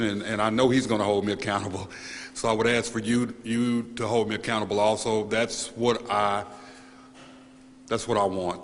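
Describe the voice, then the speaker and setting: Halting, earnest man in an echoing hall. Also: lowish voice. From United States. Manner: halting, repeats words, earnest. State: choked up with emotion. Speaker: new police chief. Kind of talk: emotional acceptance speech at press conference. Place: large hall at a press event. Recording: reverberant hall, faint room noise.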